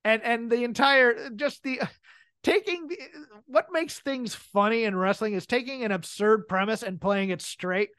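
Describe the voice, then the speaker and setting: Her voice sits on the high side, a bit bright and smooth, and she talks a little slowly on a dry recording. As a podcast co-host she offers relaxed wrestling comedy commentary, frequently laughing while dissecting scenes.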